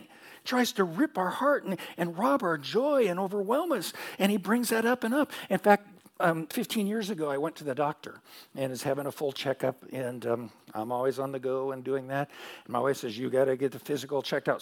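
A middle-aged man pastor preaching a sermon, telling stories and asking the audience questions, with repeated phrases. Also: mid-range voice.

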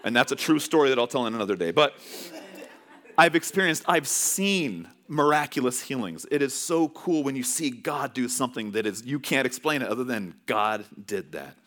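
A male pastor delivering a sermon in a relaxed, story-driven, conversational manner. His pitch moves a lot, climbing and dipping as he talks, in a middle register for a man. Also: normal speed. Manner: conversational storytelling with animated swings.

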